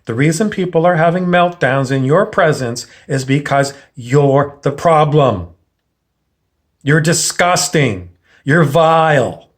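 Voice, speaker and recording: A man's voice: a little high, lively intonation, takes it slowly. A man giving a blunt, profane, lecturing monologue in a confrontational style. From Canada. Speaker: self-help speaker.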